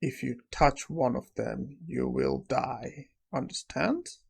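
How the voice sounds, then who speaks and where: A man's voice: mid-range voice, animated, slow pace, vocal fry, darkish tone, husky, full character voice. A man voicing a cold, ruthless young necromancer seeking revenge, speaking in a curt, dismissive way.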